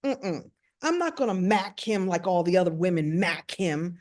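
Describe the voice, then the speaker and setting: A woman's voice: on the low side, very animated, moderate pace, darkish tone. A woman from the United States, a speaker and coach, telling a story in a playful, self-mocking way and acting out voices. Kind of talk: storytelling talk.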